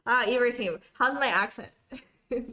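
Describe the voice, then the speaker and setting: A young woman hosts a live study stream from home, chatting casually as she reads viewer comments. She greets people by name in an upbeat, friendly way, and her voice sits fairly high. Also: sharp tone.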